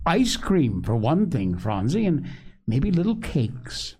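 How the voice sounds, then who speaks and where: A man's voice: mid-range voice, huge pitch swings, slow, a little mellow, slightly rough, voice pushed up, exaggerated voice. A man voicing a cheerful, eager older sister girl in a storybook reading.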